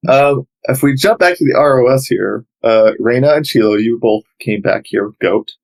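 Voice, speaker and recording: Game master, male, middle pitch, relaxed narration with frequent laughs. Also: moderate pace, gravelly, low-quality recording.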